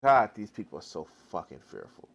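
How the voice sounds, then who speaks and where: A man's voice: sits low, huge pitch swings, fairly quick, gravelly. A man live-streaming reaction commentary, exasperated and swearing heavily, with rambling restarts.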